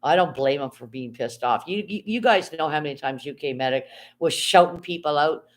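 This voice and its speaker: A woman's voice: sits low, a little fast. Chatty woman live streaming. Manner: chatty, rambling, swears freely, reads chat aloud. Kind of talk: casual live stream chat.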